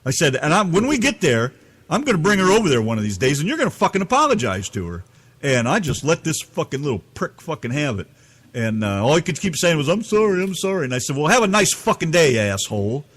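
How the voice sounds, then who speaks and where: A man's voice: fairly high pitch, very animated, quick pace, fairly bright tone, slightly rough. A man from the United States telling an angry, profane story as a podcast co-host. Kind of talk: ranting storytelling.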